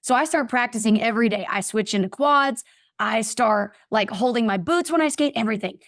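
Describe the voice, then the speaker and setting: A woman's voice: fairly high pitch, a little fast, no echo, clean studio sound. A woman guest telling a personal story in a casual interview, acting out the voices of people in it. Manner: animated, acts out voices in her anecdotes. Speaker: podcast guest.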